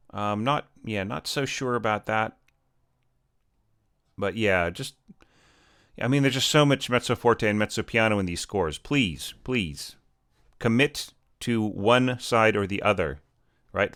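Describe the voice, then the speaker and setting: A man talks through a score as a teacher, rambling and encouraging, with lots of fillers and restarts. His voice is smooth and resonant, sitting a bit low, and the sound is close and dry with no room around it. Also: a bit bright, dry recording. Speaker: orchestration teacher reviewing scores. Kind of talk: casual spoken score critique.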